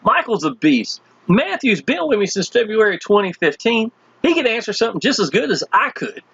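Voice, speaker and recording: A high-voiced man with a husky edge, whose pitch swoops up and down as he pitches with folksy enthusiasm. The sound is dry and close, with no room echo, but a little dull and lo-fi. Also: sing-song, brisk, a bit bright. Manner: folksy and enthusiastic, constantly addressing listeners as "y'all". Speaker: online marketing promoter. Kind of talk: casual sales pitch walking through web pages.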